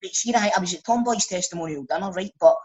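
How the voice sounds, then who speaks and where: A Scottish man telling sweary, animated stories in a casual podcast chat. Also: sits high, quick pace, husky.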